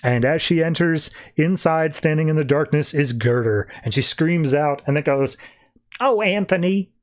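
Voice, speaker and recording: A man with a fairly high voice recaps a comic book issue on a podcast in a loose, conversational way. He keeps slipping into short, playful character voices as he retells the scenes. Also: moderate pace. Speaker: podcast co-host.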